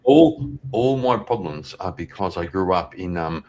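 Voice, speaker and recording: A man's voice: deep voice, lively intonation, measured pace, background noise. A man in his fifties who asks pushy, teasing questions in a casual chat and swears often. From Northern Ireland.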